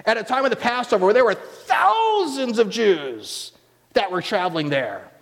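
A man preaching a sermon as pastor, animated and acting out the voices he quotes. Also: sits high, moderate pace, vocal fry, big-room sound.

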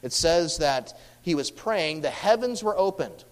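A man preaching a sermon, earnest and emphatic, swinging between raised lines and hushed, quiet ones. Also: a little high, a little slow. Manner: earnest, emphatic, lively rises and hushed drops. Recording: long hall reverb.

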